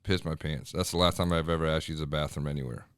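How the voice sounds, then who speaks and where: Deep-voiced, blunt male podcast guest. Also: fairly even intonation, rapid-fire, a bit bright, smooth, no room sound, studio quality. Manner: blunt, crude humor. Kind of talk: casual storytelling.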